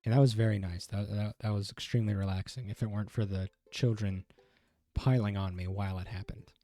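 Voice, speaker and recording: A man's voice: fairly low pitch, fairly even intonation, brisk, mellow, dry recording. A man streaming a game, chatting casually and joking, often stumbling and correcting himself. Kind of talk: casual let's-play commentary.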